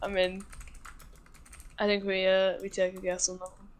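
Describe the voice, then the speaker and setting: Female co-caster for a racing stream, mid-pitched, relaxed and agreeable. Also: moderate pace. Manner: casual, agreeable, laughs easily. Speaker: race co-commentator. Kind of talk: live sim-racing commentary.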